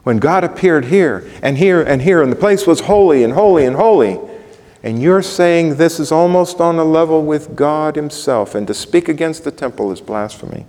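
A man's voice: a little high, animated, moderate pace, darkish tone, long reverb tail. A man preaching a sermon, emphatic and building in intensity through repetition. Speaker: pastor.

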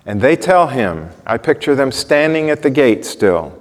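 A man preaching a sermon in a relaxed, conversational way, often putting questions to the congregation. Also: mid-range voice, a little slow. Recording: long reverb of a large hall.

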